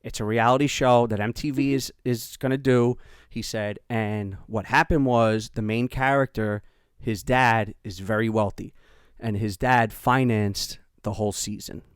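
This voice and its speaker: A middle-aged man with a New York accent, a podcast host telling a family story in animated casual chat and acting out the quotes. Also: lowish voice, measured pace, clear, resonant tone, no echo, clean studio sound.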